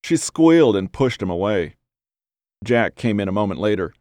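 Male storyteller, low-pitched, measured and deliberate, dry recording. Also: big pitch swings, warm tone, dry recording. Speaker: narrator. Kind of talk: scripted story narration.

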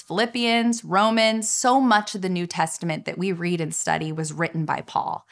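Woman giving a church sermon, lowish voice. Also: fairly bright tone. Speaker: guest speaker at a church. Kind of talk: sermon with scripture reading.

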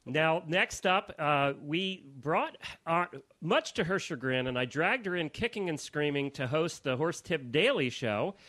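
Male podcast host, casual roundtable chat, jokey, animated pitch. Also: measured pace, hardly any pauses. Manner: jokey, laughs often.

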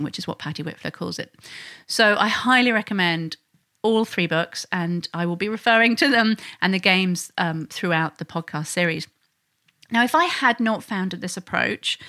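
A woman, a parent, hosting a solo podcast and talking earnestly and enthusiastically. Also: mid-range voice. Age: adult. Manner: earnest, enthusiastic, warm-hearted. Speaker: podcast host.

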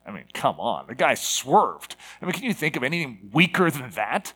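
A man's voice: medium pitch, sing-song, moderate pace, few pauses, fairly bright tone, husky. A man in his fifties giving a casual, conversational sermon to a live congregation, full of fillers and rhetorical asides.

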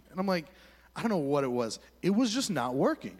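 Animated man telling a sermon story. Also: on the high side, a little fast. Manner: animated storytelling with voiced quotes. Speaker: pastor. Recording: long hall reverb.

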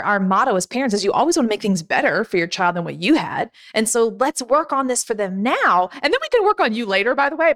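A woman hosting a podcast as a sleep coach, animated and talking straight to parents. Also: fairly high pitch. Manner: animated, quotes parents in put-on voices. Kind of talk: podcast conversation.

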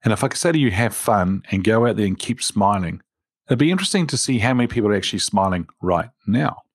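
A middle-aged man, a leadership coach hosting a podcast, speaking in an energetic, emphatic motivational monologue and addressing listeners as his team. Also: on the low side, quick pace, no echo, studio quality.

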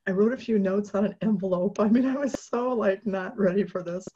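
A woman guest in an interview, telling a personal story in a casual, animated way with many fillers and restarts, often laughing. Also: mid-range voice, brisk, slight background noise. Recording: dull lo-fi recording.

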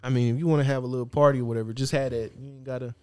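A man's voice: mid-range voice, steady tone, very fast, a little mellow, clear, resonant tone, no echo. A man co-hosting a casual podcast, opinionated and slangy, talking into a studio mic. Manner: opinionated, slangy, laid-back. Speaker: podcast co-host.

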